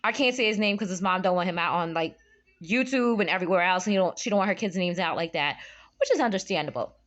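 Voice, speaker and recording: A young woman telling a story in a casual vlog, animated, jumping up high for quoted lines, recorded on a phone. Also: fast, highs cut off. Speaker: vlogger. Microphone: phone camera.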